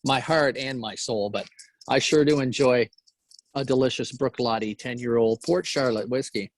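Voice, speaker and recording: A middle-aged man from New Brunswick, Canada, talking as an interview guest, halting, with many fillers and restarts. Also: medium pitch. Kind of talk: casual interview chat.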